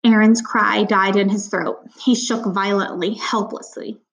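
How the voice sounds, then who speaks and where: This audiobook reader has a mid-range voice with fairly even intonation and a measured pace. Reading a novel plainly, she occasionally stops to make offhand remarks and stumbles slightly here and there.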